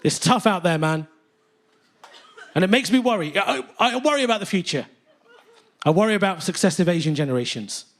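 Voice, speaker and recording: A man in his late thirties performing a brash, animated stand-up set on a theatre stage. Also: high voice, fairly quick, long pauses. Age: late 30s. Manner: animated, brash, swings between voices. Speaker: stand-up comedian.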